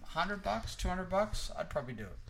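An Australian man in his late forties co-hosting a podcast, chatting casually in a rambling, jokey, animated way. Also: high voice, brisk, vocal fry, low-quality recording. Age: late 40s. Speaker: podcast co-host. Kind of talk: casual chat.

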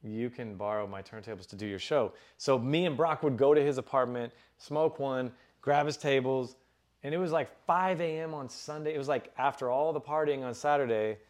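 A man's voice: medium pitch, normal speed. Profane, loose-talking man in his forties. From Dallas, Texas. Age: 40s. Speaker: interview guest, DJ. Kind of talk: casual storytelling interview.

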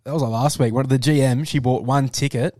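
A man's voice: mid-range voice, steady tone, quick pace, warm tone, dry recording, studio quality. A young Australian man co-hosting a casual podcast, telling rambling stories in slangy talk. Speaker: podcast co-host. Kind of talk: casual pub chat.

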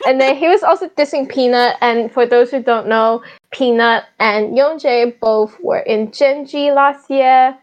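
A woman co-hosting an esports chat talks with excited, gushing energy. Her voice sits fairly high. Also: unhurried, few pauses, dull audio. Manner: excited, gushing fan talk. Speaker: co-host. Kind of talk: casual chat.

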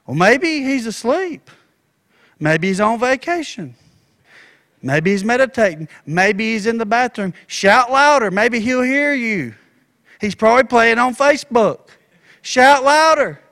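Defiant, taunting prophet, high and forceful , a preacher voicing him. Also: male voice, fairly even intonation, normal speed, no room sound, studio quality. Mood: mocking. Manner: forceful and mocking. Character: bold, defiant male prophet, taunting his rivals.

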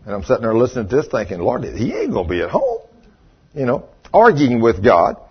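A man's voice: mid-range voice, very animated, a little fast, husky. An older man preaching a sermon, telling a folksy story and acting out what people said. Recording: dull lo-fi sermon recording.

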